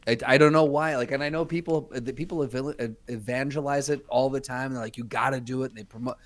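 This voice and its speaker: A man's voice: medium pitch, fairly even intonation, quick pace, dry recording. A man co-hosting a podcast, talking casually and often stopping to restart his thoughts. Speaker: podcast co-host. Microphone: podcast mic.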